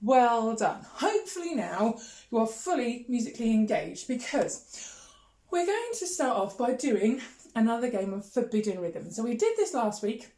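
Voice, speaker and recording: A woman's voice: on the high side, big pitch swings, normal speed, warm tone, echoey room. A woman teaching an online music lesson, encouraging and singing rhythms with her class. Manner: encouraging, sings and claps rhythms.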